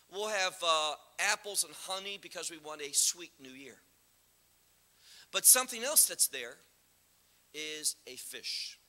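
A man with a high, very bright voice preaches to a congregation, unpacking scripture and asking rhetorical questions. His voice rings out with a long reverb of a church hall. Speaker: guest preacher. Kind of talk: sermon. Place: church sanctuary.

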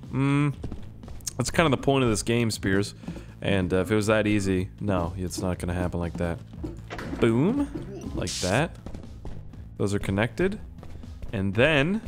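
A young man from Canada playing a video game, rambling, joking and swearing to himself as he goes. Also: fairly low pitch. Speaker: gaming YouTuber. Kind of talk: let's play commentary.

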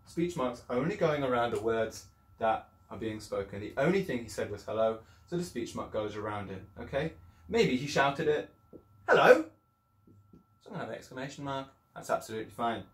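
A man's voice: medium pitch, lively intonation, fairly quick. A male primary school teacher giving an upbeat, encouraging video lesson, sometimes acting out voices as he explains. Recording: echoey room.

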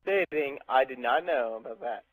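A man's voice: medium pitch, lively intonation, normal speed, husky. A young man in casual online party chat, irritated and defensive. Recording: tinny phone-like voice chat line.

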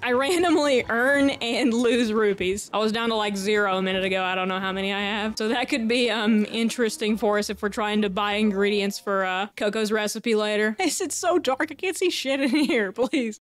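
Excitable woman narrating her gameplay. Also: a little high. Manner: excitable, jokey, swearing, talking to herself while playing. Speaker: gaming YouTuber. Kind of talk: casual gameplay commentary.

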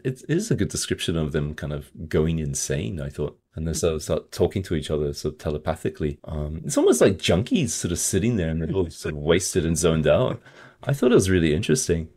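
A man's voice: a bass voice, darkish tone. A man hosting a casual book podcast, loosely recapping a plot with lots of hedging fillers. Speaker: podcast host.

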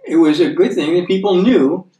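A man's voice: sits high, animated, normal speed, mellow, recorded from a distance. American man teaching in an echoey room. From United States. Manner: chatty, checks in with tag questions like "okay?" and "right?". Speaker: Bible teacher. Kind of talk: conversational Bible teaching.

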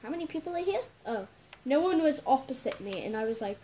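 A woman hosts a casual gaming video, giggling and chatting directly to her viewers while she plays. Her voice sits high and mellow, with lively intonation and a quick pace.

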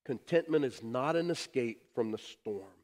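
A middle-aged man preaching a sermon as pastor, telling stories with animated emphasis that drops to soft, quiet phrases. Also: medium pitch, a little slow. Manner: animated storytelling, swings from loud emphasis to soft near-whispers. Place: church sanctuary. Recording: long hall reverb.

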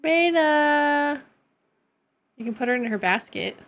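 A woman's voice: fairly high pitch, normal speed. Chatty young woman streaming a life-sim game. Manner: chatty and expressive, talks to her game characters. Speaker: gaming streamer. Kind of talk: casual gameplay chat.

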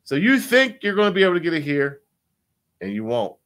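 A man casually breaking down crypto price charts, animated and repetitive, swearing now and then. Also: a little fast. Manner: animated, repetitive, swears, sweeps between loud and low.

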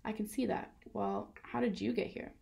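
A woman's voice: medium pitch, steady tone, moderate pace, creaky, a little mellow. A woman voicing a polite, curious young girl in a storybook reading. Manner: polite, questioning.

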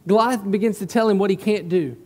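A male pastor preaches a sermon in a relaxed, storytelling way, leaning on emphatic asides. His voice is fairly high, and it rings out through a church sanctuary with a long reverb tail. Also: fast.

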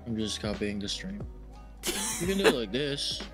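A man's voice: fairly low pitch, sing-song, normal speed, over music. A man from the Philippines chatting as a guest on a stream, laid-back and joking crudely. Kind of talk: casual chat on a call.

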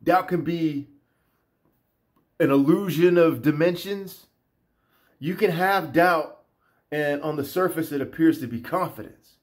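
A man with a fairly high voice rants casually to the camera. He is animated and salty-mouthed and hammers his points through repetition. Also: unhurried, pauses often. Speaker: vlogger. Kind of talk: casual rant.

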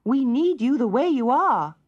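A woman's voice: high voice, big pitch swings, unhurried, dull audio, voice pushed up. A woman voicing a proud, grumpy male lark who speaks scornfully. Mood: pleading. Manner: scornful, haughty.

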